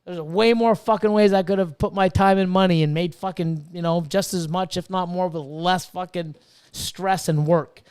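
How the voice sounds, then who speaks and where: A man's voice: high-pitched, steady tone, moderate pace, darkish tone, clear, resonant tone. A man in his fifties ranting casually on a livestream, swearing freely and reading viewers' chat aloud. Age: 50s. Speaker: livestream host and snake breeder.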